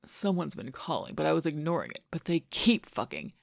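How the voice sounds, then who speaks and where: A woman reads a grown man who stays calm and soothing under pressure. His voice sits low with a gravelly edge. The sound is close and dry. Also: fairly quick, no room sound, full character voice. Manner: calm, reassuring. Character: adult man, calm and reassuring.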